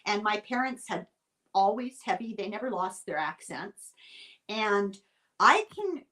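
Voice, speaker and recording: A woman born in Ireland, chatting casually and telling animated stories with laughter. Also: medium pitch, unhurried. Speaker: guest storyteller. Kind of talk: casual chat. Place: rural United States.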